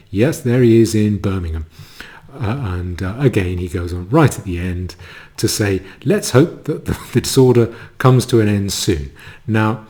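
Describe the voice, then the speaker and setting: Sardonic low-voiced man. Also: mellow. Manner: sardonic, mocking asides with halting restarts. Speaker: commentator. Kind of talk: monologue commentary.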